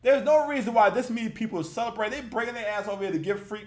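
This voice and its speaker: Male reaction-video host, high and roomy-sounding, blunt and profane, laughs a lot. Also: fast talker, a little hiss or hum. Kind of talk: casual ranting commentary.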